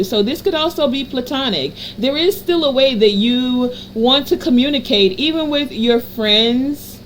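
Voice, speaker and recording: A woman's voice: sits high, a little hiss or hum, low-quality recording. Soothing woman giving a card reading. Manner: soothing, affirming, repetitive list-like cadence. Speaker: energy reader and healer. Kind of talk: tarot card reading for a general audience.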